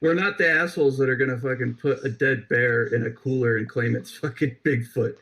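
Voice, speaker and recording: A man's voice: medium pitch, steady tone, fairly quick, fairly bright tone, poor audio. A man co-hosting a podcast in casual, profane banter. He jokes, swears often and restarts his sentences. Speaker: podcast co-host.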